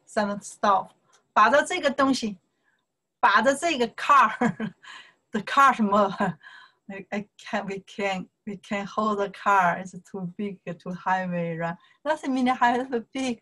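A woman's voice: medium pitch, measured pace, pauses often, a bit bright. A woman teaching a Chinese lesson in broken English mixed with Mandarin, patiently repeating points and checking with "okay?". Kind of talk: online language lesson.

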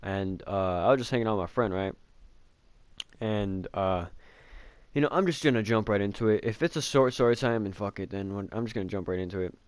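In a clean, echo-free recording, a young male vlogger with a lowish voice talks a little fast through a casual story about his childhood. He rambles, swears, uses plenty of filler words, and makes fun of himself.

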